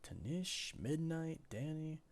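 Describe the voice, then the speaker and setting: A man with a weak, gravelly voice hosts a relaxed live stream from home and greets his viewers one by one. He speaks slowly, and his pitch rises and falls a lot. Now and then he hums to himself between remarks. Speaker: livestream host. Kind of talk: casual live-stream chat. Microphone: desk microphone.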